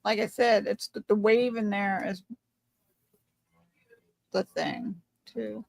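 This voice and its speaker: A woman's voice: medium pitch, level tone, slow, vocal fry, dry recording. A middle-aged woman teasing friends and giving crafting tips in casual chat. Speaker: co-host of a crafting livestream.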